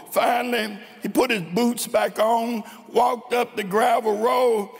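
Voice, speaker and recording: Gravelly Southern preacher in an echoing church. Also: male voice, very high-pitched, fairly even intonation. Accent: Southern US (Tennessee). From Tennessee. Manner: fervent preaching, dramatic drawn-out emphasis. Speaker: guest preacher. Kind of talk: sermon. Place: large church sanctuary. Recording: long reverb in a large church.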